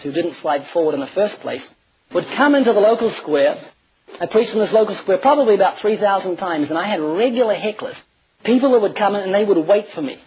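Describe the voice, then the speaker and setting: Animated male preacher, faint hiss. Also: high voice, poor audio. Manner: enthusiastic, animated storytelling with sudden swings in volume. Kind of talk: sermon.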